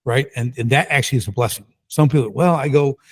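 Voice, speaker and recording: Lively middle-aged male storyteller. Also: mid-range voice, fast talker. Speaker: guest entrepreneur. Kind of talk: casual storytelling.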